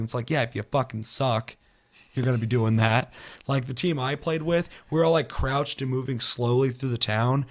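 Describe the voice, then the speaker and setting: A man chatting casually on a gaming podcast, swearing a lot and telling stories with animated, shouted quotes. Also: mid-range voice, moderate pace. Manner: profane, animated storytelling with shouted put-on quotes. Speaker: podcast co-host.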